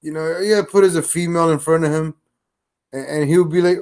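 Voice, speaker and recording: Male streamer, high voice, crude mocking reaction commentary. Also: moderate pace, darkish tone. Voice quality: mocking, insulting, swears heavily.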